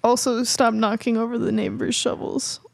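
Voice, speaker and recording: A woman's voice: fairly high pitch, flat delivery, moderate pace, creaky, darkish tone, no room sound, clean studio sound. A woman co-hosting a podcast in casual chat, giggling often. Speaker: podcast co-host.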